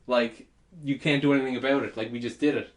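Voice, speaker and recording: A man telling a story in casual podcast chat, animated, laughing and swearing as he goes. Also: medium pitch, fast talker. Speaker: podcast host.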